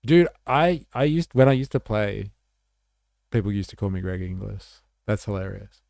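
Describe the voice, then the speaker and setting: A man hosts a casual livestream and talks straight to his viewers. His voice is low, dark and gravelly, and his talk is blunt, sweary and full of fillers. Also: normal speed, no echo, clean studio sound. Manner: blunt, swears freely, chatty with many "like" fillers. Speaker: livestream host. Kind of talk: casual livestream chat, reading viewer comments.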